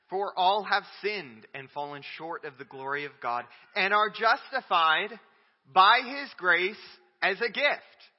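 A man preaching a sermon, swinging between loud declarations and quiet, low asides. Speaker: pastor. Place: church sanctuary. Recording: dull audio with long church reverb.

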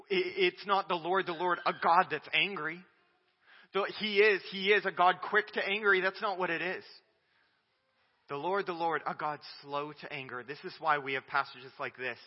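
A man preaching a sermon, swinging between loud declarations and quiet, low asides. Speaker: pastor. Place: church sanctuary. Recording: dull audio with long church reverb.

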